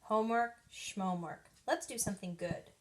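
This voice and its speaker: A woman's voice: medium pitch, normal speed, close to an everyday voice. A woman reading aloud and voicing a bossy, know-it-all girl who is the big sister.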